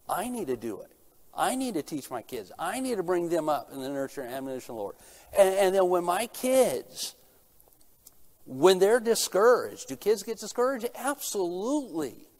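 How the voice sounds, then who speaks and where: A man's voice: fairly high pitch, darkish tone. Earnest preacher man, rhetorical questions. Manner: asks rhetorical questions and answers them himself; earnest, rising in intensity at key points. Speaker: pastor. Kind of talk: sermon.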